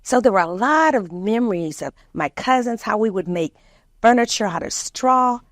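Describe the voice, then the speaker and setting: A woman's voice: medium pitch, normal speed, no room sound, clean studio sound. An older woman from the American South, a community leader telling childhood stories in an interview and acting out what her family said. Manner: lively storyteller who acts out family quotes. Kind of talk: reminiscing interview storytelling.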